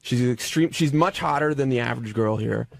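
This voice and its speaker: A man on a radio show, defending his girlfriend in a halting, defensive way. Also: medium pitch, gravelly, no echo, studio quality. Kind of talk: casual studio talk.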